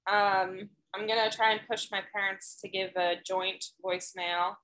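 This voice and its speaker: A young woman co-hosting a podcast, chatting casually and telling stories with lots of fillers and animated asides. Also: medium pitch, moderate pace, low-quality recording. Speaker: podcast co-host. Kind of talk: casual chat.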